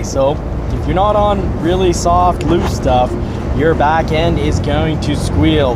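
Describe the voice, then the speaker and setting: A man hosting his car channel, talking casually and practically, joking now and then. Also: fairly high pitch. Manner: chatty, practical, joking asides. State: out of breath after shoveling. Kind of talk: casual outdoor vlog narration. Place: outdoors at a beach by a vehicle. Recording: noisy outdoor recording.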